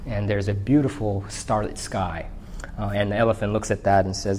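A man preaching a sermon, reading scripture and retelling a children's story with animated character voices. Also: fairly low pitch, moderate pace, a little hiss or hum. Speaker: pastor.

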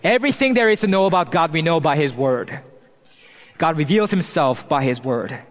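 A male pastor preaching a sermon in an earnest, emphatic way, slowing down and pausing to stress key phrases. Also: fairly high pitch, expressive, big-room sound. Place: church hall.

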